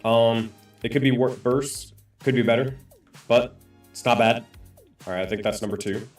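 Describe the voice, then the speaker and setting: A man's voice: medium pitch, fairly even intonation, moderate pace, soft background music. A man live-streaming who keeps testing his microphone and talking to his chat, sounding frustrated. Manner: frustrated, testing his mic with repeated phrases.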